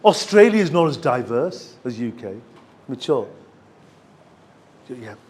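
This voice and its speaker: A man from Sylhet with a Sylheti accent, a university lecturer giving a lively, chatty workshop talk to students and often checking they follow. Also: mid-range voice, brisk. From Bangladesh, Sylhet region. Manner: chatty and enthusiastic, asks for agreement often.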